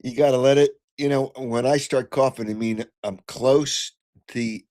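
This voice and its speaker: An older man hosting a call-in sports radio show, blunt and opinionated, clearing his throat as he gets over a cold. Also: medium pitch, steady tone, normal speed. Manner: blunt, opinionated, flares into shouting. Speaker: sports talk radio host.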